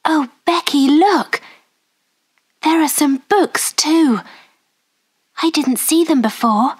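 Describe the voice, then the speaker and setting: A woman voicing a gentle, kind young girl who talks softly and slowly. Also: high voice, voice pushed up.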